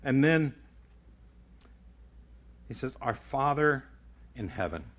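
A man's voice: medium pitch, expressive, slow, a bit bright. Older man preaching with stammered restarts. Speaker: pastor. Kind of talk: sermon.

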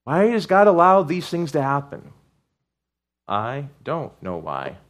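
Earnest preacher with fervent swells. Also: male voice, a little high, huge pitch swings, takes it slowly. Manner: earnest, rising to fervent outbursts; conversational, with restarts and asides to the congregation. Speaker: pastor. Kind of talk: sermon.

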